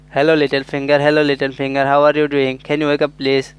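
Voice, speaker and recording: A man's voice: a little high, completely flat delivery, fast talker, clear, resonant tone. A man giving an English lesson, greeting his fingers one by one with simple repeated phrases. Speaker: English tutor. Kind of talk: finger role-play lesson.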